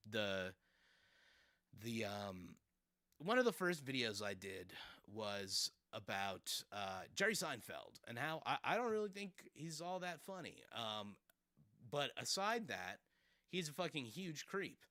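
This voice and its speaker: A man's voice: medium pitch, sing-song, measured pace, sharp tone, dry recording, clean studio sound. A man hosting casual commentary, sarcastic and rambling with fillers and laughs. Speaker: streamer host.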